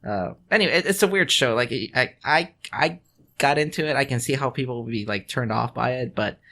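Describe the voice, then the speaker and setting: A man's voice: medium pitch, fairly quick, bright, forceful tone. A man co-hosting a podcast in casual chat, rambling and swearing, with many restarts and laughs. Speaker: podcast co-host.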